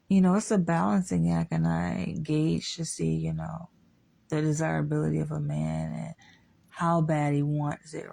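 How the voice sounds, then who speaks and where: Slow, gravelly woman speaking bluntly. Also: low-pitched, warm tone. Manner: blunt, swears freely, frank opinions. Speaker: vlogger. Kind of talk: candid monologue.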